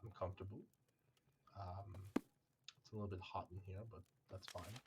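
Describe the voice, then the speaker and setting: A man voicing a polite, earnest male companion in a tabletop game, soft-spoken and formal. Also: low-pitched, little pitch movement, normal speed, very noisy.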